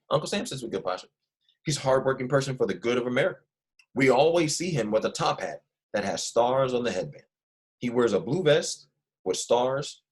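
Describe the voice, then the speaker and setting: A man teaching a recorded history lesson to first graders, animated and prompting the children to repeat after him. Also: mid-range voice, rough recording.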